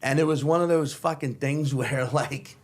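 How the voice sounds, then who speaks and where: A man's voice: on the high side, moderate pace. Comedian man telling a story. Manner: animated, acts out the people in his stories. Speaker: podcast guest, comedian. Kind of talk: casual storytelling.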